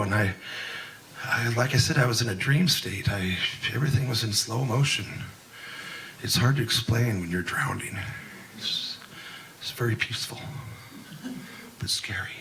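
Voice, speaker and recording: Older man, folksy open-mic storyteller, bright voice a little off mic, rambling with fillers. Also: mid-range voice, lively intonation, normal speed, pauses often, recorded from a distance, poor audio. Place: live event in a museum hall.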